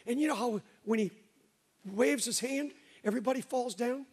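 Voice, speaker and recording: A pastor with a high, husky voice preaches to his congregation in church. He tells his story casually and pokes fun at himself, breaking off now and then to ask the crowd whether they follow him. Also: a little fast, darkish tone. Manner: conversational, self-mocking, addresses the congregation directly. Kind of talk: storytelling sermon.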